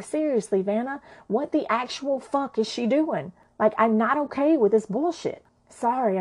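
A woman's voice: fairly high pitch, darkish tone. A woman narrates her own story in a frank, everyday voice. She talks conversationally and swears without holding back.

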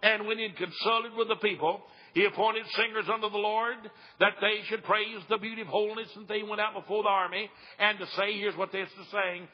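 An older man delivers an old-time revival sermon in a husky, raised voice. He tells folksy stories and breaks into fervent shouts. The recording is dull and lo-fi, with a long hall reverb behind him. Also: sits high. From Tennessee. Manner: fervent preaching, shouting and hollering, folksy storytelling. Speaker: evangelist.

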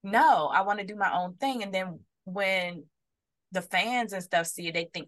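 A woman's voice: mid-range voice, expressive, normal speed, a bit bright. A woman co-hosting a podcast, chatting casually and acting out quotes as she tells stories. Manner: storytelling, acts out quotes in shifting voices. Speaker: podcast co-host. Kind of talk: casual chat.

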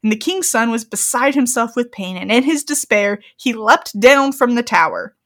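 Here a young woman reads a fairy tale aloud as story reader and co-host, going from its old-fashioned text into giggly, joking asides. Her slightly high voice has lively intonation and a normal speed.

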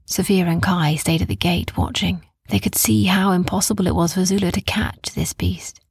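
A woman's soft bedtime storytelling, partly whispered, comes through close and dry with no room sound. She is slow, calm and gentle, repeating soothing phrases, and her voice is strongly gravelly and husky, slightly low.

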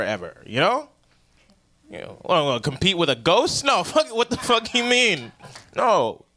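A man's voice: high voice, pushed and bright. A young man doing a stand-up comedy set, talking in a loose, profane, conversational way and acting out the voices he quotes.

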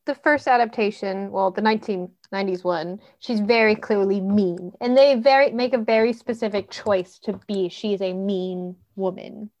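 A woman's voice: medium pitch, moderate pace, few pauses, a little mellow, muffled recording. A woman co-hosting a podcast, chatting casually about a film in a plain-spoken way, with dry humor. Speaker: podcast co-host. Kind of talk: casual film review chat.

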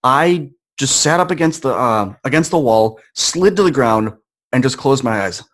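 Young male podcast guest, mid-pitched, earnest storyteller who slips into other people's voices. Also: expressive, normal speed, a bit bright. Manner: earnest, conversational, acts out quoted voices. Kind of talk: personal storytelling in conversation.

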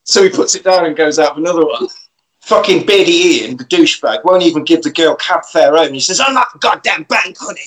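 A man's voice: a little high, a little fast, rough recording. A man casually recapping a film plot, swearing and acting out the characters' lines.

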